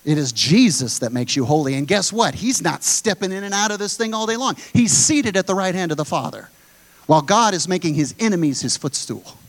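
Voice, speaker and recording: A man's voice: high voice, animated, brisk. A man preaching a sermon to his congregation, talking straight to them and driving his points home by repeating them. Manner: preaching with emphatic repetition, addresses the congregation directly. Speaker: pastor.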